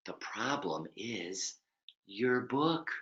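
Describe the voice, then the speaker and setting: A man's voice: lowish voice, animated, extremely slow, a bit bright. A man with an American accent giving a webinar lesson, speaking directly and animatedly to the listener. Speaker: presenter. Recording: roomy, slightly dull webinar audio.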